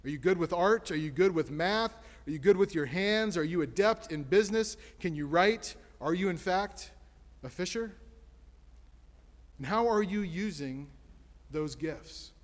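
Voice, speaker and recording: A man's voice: fairly high pitch, long reverb tail. A man preaching a sermon in a church sanctuary, building his points through strings of rhetorical questions with an emphatic preaching cadence. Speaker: pastor.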